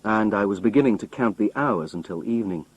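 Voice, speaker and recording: Husky man reading a story aloud. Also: on the low side, fairly quick, muffled recording. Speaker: narrator. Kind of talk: reading a simplified novel aloud.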